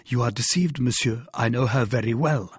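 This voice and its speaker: A man's voice: medium pitch, moderate pace, husky, dry recording, clean studio sound. A man voicing a proud, hot-headed young swordsman who pleads earnestly. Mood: firm.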